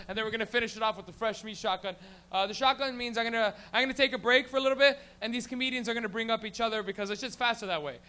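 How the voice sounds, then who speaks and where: Profane, high-voiced stand-up comedy host. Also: male voice, bright, forceful tone, smooth. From Canada. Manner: profane, rambling, rapid storytelling. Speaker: comedy open mic host. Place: small lounge venue stage.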